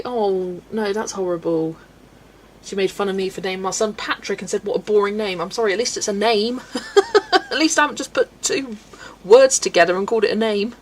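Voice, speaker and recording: A Belgian woman hosts a livestream from home, colouring at her desk while reading the chat. Her medium-pitched voice is animated and moderately paced, chatty, giggly, and casual, and she laughs often and stumbles over names. The recording is rough, with faint hiss under her voice.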